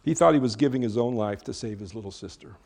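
Male pastor mid-sermon, mid-pitched, conversational and earnest with light asides. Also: fast talker, gravelly, a little mellow, a little hiss or hum. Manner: conversational, joking asides between earnest preaching.

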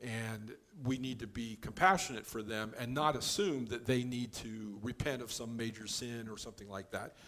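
A man giving a conversational Bible teaching, explaining verses in a relaxed way with offhand joking asides. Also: medium pitch, moderate pace, hardly any pauses.

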